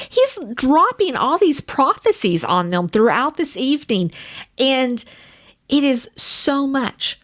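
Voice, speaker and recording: A woman's voice: high voice, sing-song, slow, a bit bright. A woman teaching a Bible study in a conversational way, speaking to her listeners as friends. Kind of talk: casual teaching.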